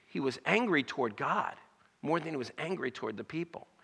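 High, bright-voiced man preaching in a hall. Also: lively intonation, fairly quick, gravelly, husky. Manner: preaching with rising emphasis and acted quotes. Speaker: pastor. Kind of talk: sermon.

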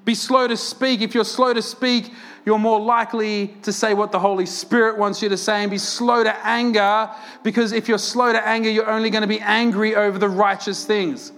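A male pastor preaching a sermon to his church, animated, with rhetorical questions and frequent laughter. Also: sits high, normal speed.

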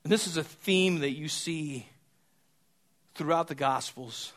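A male pastor with a bright, forceful voice pitched a little high delivers a sermon. He swings between soft, hushed stretches and loud, raised passages. He often doubles a word as he restarts a phrase. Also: a little slow.

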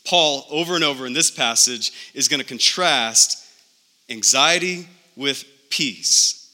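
A man's voice: a little high, bright, forceful tone. A man preaching a sermon as a pastor, emphatic and full of rhetorical questions. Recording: long reverb of a large hall.

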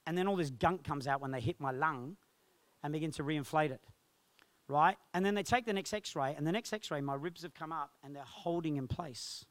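A male pastor telling a personal testimony in a sermon, animated and acting out the voices of others. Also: a little high, fast, no room sound. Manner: animated storytelling, acts out quoted voices.

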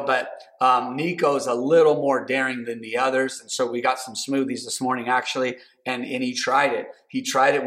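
A man in his thirties delivers a sermon with a bright, forward tone. He slips between loose, chatty asides and punchy, repeated lines that rise with emphasis. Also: medium pitch. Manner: conversational, builds to emphatic repeated phrases. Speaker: pastor.

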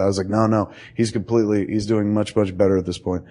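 A man with a low-pitched voice tells a story in a loose, rambling way. He swears freely and jumps into other people's voices as he quotes them. He sounds middle-aged. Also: level tone, fast, hardly any pauses, warm tone. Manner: rambling, profane, acts out quoted dialogue. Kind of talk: casual conversation, storytelling.

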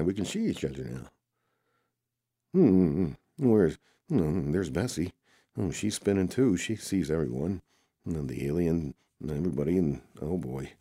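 A man with a very low, dark voice improvises a rambling make-believe story, full of "oh boy" exclamations. The sound is dry and close, with no room around it. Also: no room sound.

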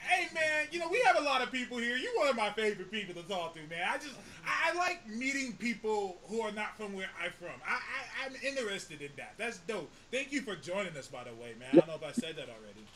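A man from the United States hosting a casual chat, loud and joking, laughing often and swearing freely. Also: sits high, animated, fast talker, hardly any pauses. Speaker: host.

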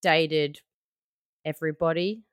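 Low smooth chatty woman. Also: dry recording, studio quality. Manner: chatty storyteller, quick to act out quotes. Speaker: podcast co-host. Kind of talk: casual chat.

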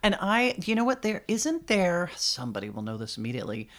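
A woman's voice: fairly low pitch, big pitch swings, fairly quick. A middle-aged woman hosting a podcast, chatting casually and laughing easily. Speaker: podcast host. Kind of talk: casual chat.

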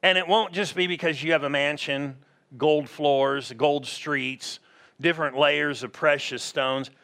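A middle-aged man preaching, his voice sitting a bit high for a man. He keeps it animated and talky and acts out quick voices to make his points. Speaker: pastor. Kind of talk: sermon.

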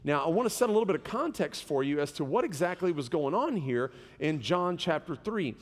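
Male pastor, high lively voice, joking storyteller, big echoey church hall. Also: brisk. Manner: animated storytelling with humor. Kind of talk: sermon.

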